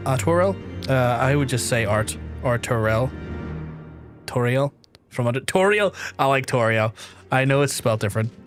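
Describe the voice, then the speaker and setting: A man streaming a game, chatting casually with his viewers, swearing freely and laughing often. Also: mid-range voice. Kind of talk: casual live-stream chat.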